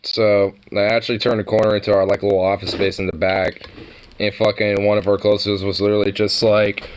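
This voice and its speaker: A man's voice: lowish voice, little pitch movement, brisk, smooth, rough recording. A young man vlogging in a loose, rambling way, swearing freely and laughing between thoughts. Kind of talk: casual rambling chat.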